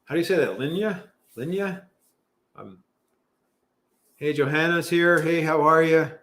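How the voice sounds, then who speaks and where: A man's voice: a little high, measured pace, fairly bright tone. A middle-aged man from California hosting a casual livestream, rambling with many fillers and restarts and joking about himself. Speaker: livestream host. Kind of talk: casual live chat reading viewer comments.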